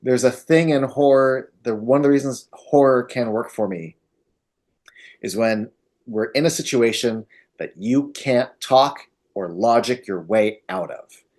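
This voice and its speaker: Animated man talking movies. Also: medium pitch, a little slow. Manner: animated, swearing, quotes scenes in voices. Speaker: podcast host. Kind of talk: casual film discussion.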